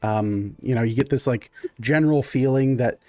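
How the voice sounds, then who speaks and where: Man, game master, casual narration, lots of fillers, mid pitch, dry close sound. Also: moderate pace, mellow, no echo.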